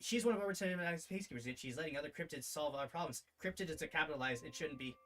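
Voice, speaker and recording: Brief: young-sounding male streamer, quick casual reading, bright tone, faint background music. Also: fairly high pitch. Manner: offhand asides while reading. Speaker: streamer reading a visual novel.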